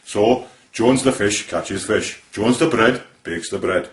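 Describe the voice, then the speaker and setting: Man putting on a lilting chatty Welshman, lower voice, roomy echo. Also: slow. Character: chatty Welshman, proud of Wales.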